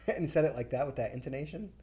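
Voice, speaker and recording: A woman's voice: rumbling low, very fast, dark tone, breathy edge. A young woman co-hosting a casual podcast, joking about herself and laughing often. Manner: jokey, self-mocking, laughs often. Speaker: podcast co-host. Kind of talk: casual chat.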